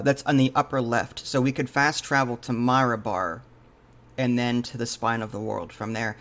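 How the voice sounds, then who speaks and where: A man's voice: medium pitch, fairly bright tone. A man playing a tabletop role-playing game in casual chat, polite and thoughtful, often hesitating with "um" and answering "I see". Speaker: player.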